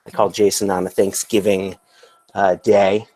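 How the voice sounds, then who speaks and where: Low-voiced man telling a rambling story. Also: little pitch movement, normal speed, a little mellow, no echo. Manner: earnest, rambling anecdotes with restarts. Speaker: podcast guest. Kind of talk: casual chat.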